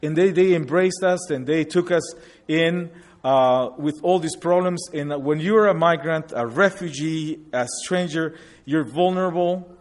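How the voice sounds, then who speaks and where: Somewhat slowly and with a voice on the high side, a Spanish-speaking man from Guatemala in his forties narrates his migration story in a hall. The testimony, accompanied by slides, is reflective and earnest. A long hall reverb is audible throughout.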